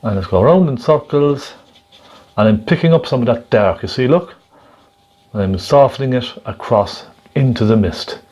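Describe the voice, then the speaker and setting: A man gently demonstrating a painting technique step by step, chatting and checking in with the viewer as he works. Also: mid-range voice, animated, normal speed. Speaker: painting instructor.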